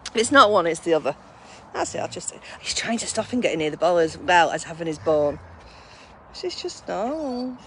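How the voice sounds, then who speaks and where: A woman's voice: mid-range voice, a bit bright, a little hiss or hum. Chatty woman cooing at her dogs. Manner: chatty, coos in baby talk to her dogs. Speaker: mindfulness class instructor. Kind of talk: casual live stream chat. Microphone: handheld phone.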